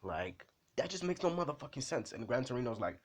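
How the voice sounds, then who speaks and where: A man's voice: mid-range voice, sing-song, brisk, a little hiss or hum. A young man retelling a story in a casual, rambling, profane way, full of slang and self-deprecating asides. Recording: dull, dry close recording.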